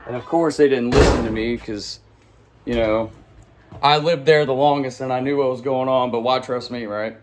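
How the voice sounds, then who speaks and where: Guy, loose rambling storyteller, slangy, chuckling, mid pitch. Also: fairly even intonation, normal speed. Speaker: channel host and storyteller. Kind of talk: casual storytelling to camera. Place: at home with pets nearby.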